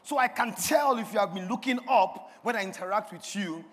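A man preaching a sermon from a church stage, calling on the congregation to respond, swinging between shouts and quiet. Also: sits high, lively intonation, fairly quick. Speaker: pastor. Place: church hall. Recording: long hall reverb.

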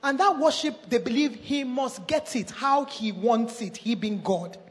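Woman preaching a sermon in a reverberant hall. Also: a little high. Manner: reads scripture aloud with stumbles, then slows down to stress key points. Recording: long reverb of a large hall.

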